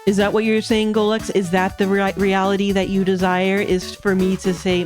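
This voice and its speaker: A woman's voice: mid-range voice, little pitch movement, moderate pace, soft background music. A woman streaming a video game, reading the dialogue aloud and joking around in a playful, giggly way. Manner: playful, giggly, jokey asides. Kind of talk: casual let's play commentary, reading game dialogue aloud. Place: home streaming setup.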